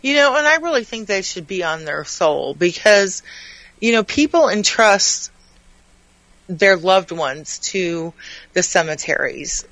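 A talk show co-host talking at a very slow, deliberate pace. The voice is bright and earnest. The recording is dry and close to the mic. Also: mid-range voice, dry recording, poor audio. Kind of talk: casual chat.

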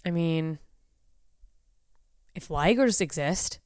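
Lively, profane woman podcast host. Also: fairly low pitch, takes it slowly, no echo, studio quality. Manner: profane, incredulous, sarcastic, laughs often. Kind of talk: casual comedic chat.

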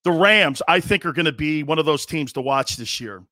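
Middle-aged guy ranting on sports radio, kinda high voice, punchy and blunt, dead dry sound. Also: expressive, moderate pace, sharp tone, no room sound. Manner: emphatic, blunt, acts out quoted players. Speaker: host. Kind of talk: sports talk radio monologue.

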